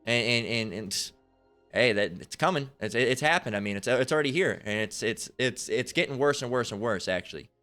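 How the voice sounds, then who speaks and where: A male street preacher reads scripture and tears into it in a crude, profane rant. His voice sits in an ordinary middle register, and he stumbles through restarts while asking "right?" again and again. Faint music plays softly underneath. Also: medium pitch, expressive, fairly quick. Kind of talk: profane Bible commentary rant.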